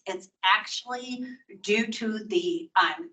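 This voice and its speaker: An older woman gives a nursing lecture in a chatty, teacherly way and now and then acts out a patient's words. Her voice is bright and clear. She sits some distance from the microphone. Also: medium pitch, unhurried. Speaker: nursing educator. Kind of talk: recorded continuing-education lecture.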